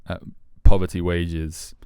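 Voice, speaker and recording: A man co-hosting a podcast, talking through a philosophy book in a thoughtful, halting way with many fillers. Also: deep voice, flat delivery, vocal fry, dark tone, clear, resonant tone, dry recording, clean studio sound. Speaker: podcast co-host. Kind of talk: casual book discussion.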